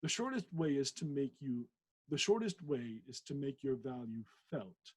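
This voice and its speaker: A man reading the part of a proud young doctor, earnest and a little scornful, in a husky voice. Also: medium pitch, normal speed, natural voice.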